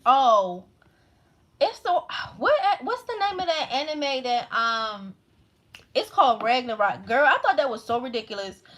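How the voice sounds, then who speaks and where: A woman from Baltimore with a local accent and a fairly high voice talks to her viewers in a loose, rambling way. Her talk is slangy and chatty, full of asides. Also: sing-song, a little slow, fairly bright tone. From Baltimore, USA. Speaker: astrology channel host. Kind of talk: casual chat to viewers.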